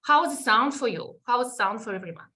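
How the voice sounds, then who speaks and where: A woman's voice: a little high, animated, fast talker, pushed and bright. A woman with a Russian accent, a native Russian speaker, presenting a live webinar and explaining step by step with frequent restarts and fillers.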